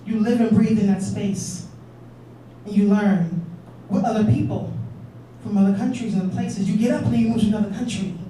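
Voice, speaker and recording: A woman's voice: medium pitch, moderate pace, long pauses, warm tone, a little hiss or hum. A woman giving an earnest conference speech and urging the audience with questions. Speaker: conference speaker. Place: conference hall. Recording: echoey hall, distant mic.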